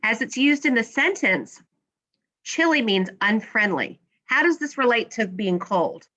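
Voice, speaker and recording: Bright-voiced woman teacher explaining word meanings. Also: a little high, lively intonation, unhurried, muffled recording. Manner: patient, asks questions and answers them herself. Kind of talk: classroom slideshow lesson. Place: classroom.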